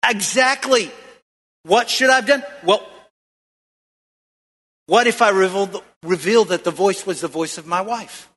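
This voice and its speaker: Male pastor, bright ringing voice, call-and-response sermon, echoey church hall. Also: sits high, measured pace, pauses often, breathy edge. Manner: preaching with call-and-response questions to the congregation.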